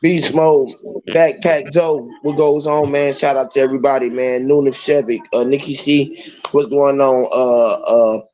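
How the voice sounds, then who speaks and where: A man's voice: mid-range voice, steady tone, measured pace. Rambling man on a lo-fi stream. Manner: rambling, loud, mocking mimicry of greetings. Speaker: livestream host. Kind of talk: casual livestream chat. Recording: muffled lo-fi audio with faint hiss.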